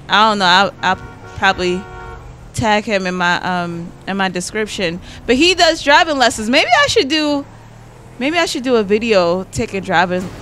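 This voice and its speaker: A young woman who makes gaming videos for YouTube chats casually while playing, exclaiming and addressing her viewers directly. Her voice is mid-range, bright and forceful.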